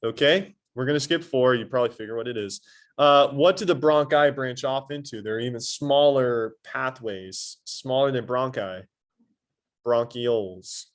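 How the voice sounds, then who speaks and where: A man's voice: mid-range voice, unhurried. Guy teaching anatomy in a classroom, quizzing the kids, kinda playful. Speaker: high school anatomy teacher. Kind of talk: classroom lecture.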